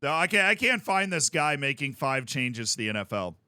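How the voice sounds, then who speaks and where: Bright, chatty streamer man. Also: mid-range voice, sing-song, moderate pace, clear, resonant tone, no echo, studio quality. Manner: rambling, chatty, with frequent restarts. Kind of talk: casual livestream chat.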